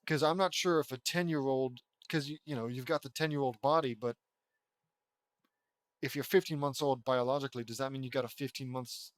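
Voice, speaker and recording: A man's voice: medium pitch, steady tone, brisk, no room sound. Sarcastic man reading fan fiction aloud. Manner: sarcastic, swears in asides. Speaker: audiobook reader.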